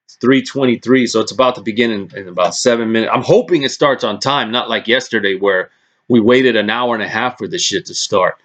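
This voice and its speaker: A man ranting in a casual vlog, excitable and full of swearing, often restarting his sentences. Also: fairly low pitch, brisk. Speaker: vlogger recapping press conferences. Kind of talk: casual profane rant.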